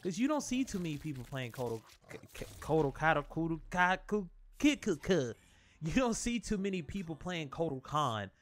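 Young dude yelling and cursing while he plays fighting games, voice on the higher side. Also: normal speed. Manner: profane, excitable, talks to his opponent and viewers. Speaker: gaming channel host. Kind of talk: live gameplay commentary.

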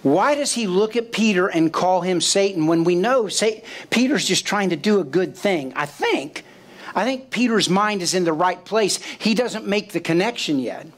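A man's voice: high-pitched, expressive, normal speed. A man preaching a sermon as pastor, asking the congregation questions and acting out quoted voices. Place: church sanctuary.

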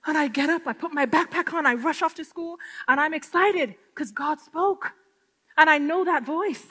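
A middle-aged woman giving a lively spoken testimony, storytelling with acted-out quotes. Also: sits high, moderate pace. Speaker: testimony speaker.

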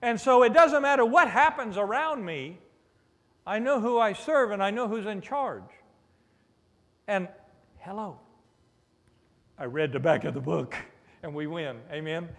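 High-voiced preacher in a reverberant hall. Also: male voice, unhurried, gravelly, long pauses. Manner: preacherly, with call-and-response "amen?" and playful asides. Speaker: pastor. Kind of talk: sermon. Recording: long reverb of a large hall.

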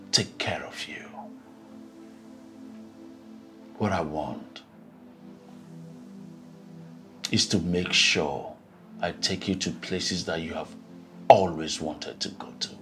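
A Nigerian actor playing a controlling husband in a film drama, talking slowly and swinging from hushed pleading to loud outbursts. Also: male voice, low-pitched. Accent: Nigerian English. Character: resentful controlling husband, man, adult.

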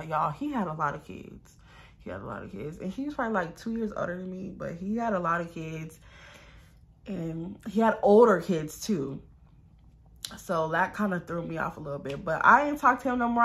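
A young woman talks straight to her viewers in a storytime vlog, her voice leaping up sharply whenever she acts out what someone said. She sounds exasperated and animated. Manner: animated, exasperated, voices quoted lines with big pitch jumps. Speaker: storytime vlogger.

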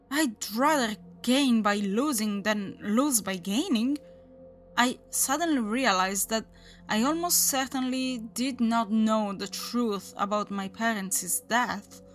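A woman reading a horror story aloud as its narrator, in a measured, deliberate storytelling manner. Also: fairly high pitch, fairly bright tone. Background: faint background music.

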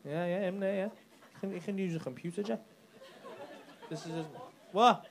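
A high-voiced stand-up comic in his thirties, brash and foul-mouthed, chatting with the crowd and shouting his punchlines. He works a comedy club stage on a handheld mic. Laughter from a packed audience rolls in behind him. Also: normal speed.

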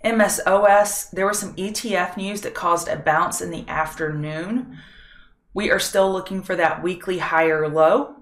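A woman hosting a trading show, giving a brisk, matter-of-fact daily market recap full of trading jargon. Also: on the low side, reverberant.

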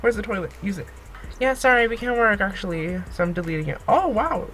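A young woman giving excitable let's-play commentary, gasping and pleading with the game as she plays. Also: mid-range voice, a little fast, poor audio. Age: young adult. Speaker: gaming YouTuber.

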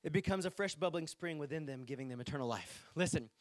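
A man's voice: on the high side, fast talker, no echo, clean studio sound. A man preaching a sermon to his congregation, reading scripture aloud and speaking to the people directly. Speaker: pastor. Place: church sanctuary.

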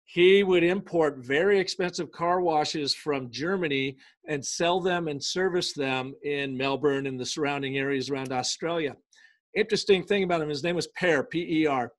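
A middle-aged man, a guest on an interview show, tells business stories in a lively way and acts out the quoted dialogue. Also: a little high, normal speed. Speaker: guest, brand storytelling consultant. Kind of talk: storytelling in a casual interview.

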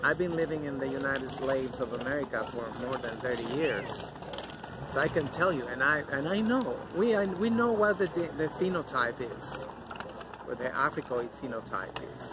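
Blunt middle-aged man over loud traffic. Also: medium pitch, lively intonation, moderate pace. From Mexico. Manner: blunt, outspoken, rambling with many fillers. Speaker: vlogger. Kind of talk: casual outdoor vlog rant. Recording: loud outdoor traffic noise.

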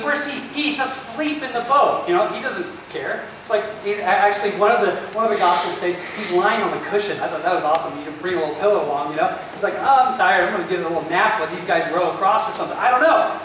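A man's voice: high-pitched, a little hiss or hum. A man preaching a sermon as pastor, talking in a conversational way and acting out the people in the story. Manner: conversational, animated retelling with acted-out asides. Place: church sanctuary. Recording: echoey church hall, voice from far off.

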